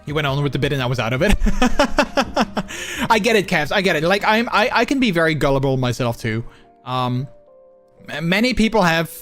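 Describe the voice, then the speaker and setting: A man's voice: medium pitch, a bit bright. A Dutch man with a subtle Dutch accent, a live streamer chatting casually, reading his chat aloud and answering it. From Netherlands. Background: faint background music.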